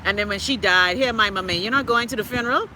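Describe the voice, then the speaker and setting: A Bahamian woman hosting a live stream, reading viewers' comments and ranting loudly and profanely. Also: mid-range voice, fast, a little hiss or hum. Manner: loud, profane, exclaiming ranting. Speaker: livestream host.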